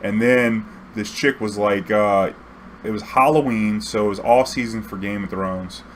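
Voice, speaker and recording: Man with a low voice, casual rambling storyteller, swears a lot, acts out quotes, faint hum behind. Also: fairly even intonation, unhurried. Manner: rambling, profane, full of fillers and acted-out quotes. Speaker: YouTube storyteller.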